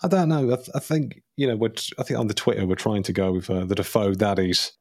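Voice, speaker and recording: A man's voice: fairly low pitch, steady tone, fast, no echo, clean studio sound. A man co-hosting a podcast, chatting casually with rambling, self-mocking jokes. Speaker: podcast co-host.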